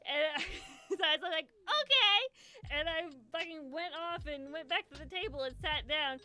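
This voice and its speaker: A woman's voice: high voice, steady tone, moderate pace, pushed and bright. A young woman hosting a livestream, telling a story casually, full of swearing and laughter. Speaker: charity livestream host. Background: lofi hip hop music.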